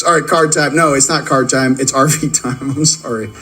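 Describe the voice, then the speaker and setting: A man's voice: mid-range voice, steady tone, normal speed, pushed and bright, rough recording. A man hosting a casual spiritual card-reading video, rambling and joking while speaking straight to his viewers. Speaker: channel host doing card readings. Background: faint background music.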